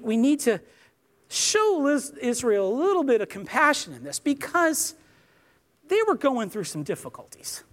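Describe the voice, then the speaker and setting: A man's voice: very high voice, a bit bright. A man preaching a sermon earnestly and emphatically, acting out quoted lines as he speaks.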